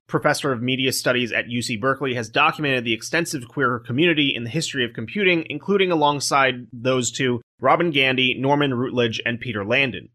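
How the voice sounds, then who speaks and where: A man's voice: mid-range voice, bright, forceful tone. A man hosting a podcast, reading a prepared script and breaking off for dry jokes with his co-hosts. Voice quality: programmer speaking. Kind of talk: scripted narration with asides in a podcast chat.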